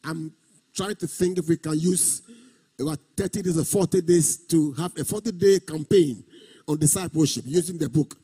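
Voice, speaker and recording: A man's voice: on the high side, warm tone, husky. A male pastor delivering a sermon, stretching and half-singing key words and repeating phrases for emphasis. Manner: preaching with sung, drawn-out emphasis and repetition.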